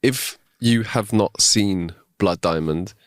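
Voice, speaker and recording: A young man talks in a somewhat low voice that is recorded close and dry. He rambles with enthusiasm, restarting his sentences and laughing easily, as a podcast co-host in casual chat. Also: slow pace, no room sound.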